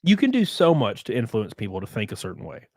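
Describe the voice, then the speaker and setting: A man hosting a livestream, reading viewer donations and ranting in a profane, excitable way. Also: lowish voice, fast talker, no room sound, clean studio sound. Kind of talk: casual livestream chat and rant.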